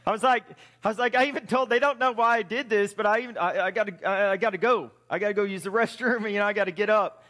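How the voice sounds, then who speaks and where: Speaking quickly with few pauses, a male pastor with a very high, bright, forceful voice delivers an emphatic, conversational sermon. Rhetorical questions fly at the congregation, echoing with the long reverb of a church hall.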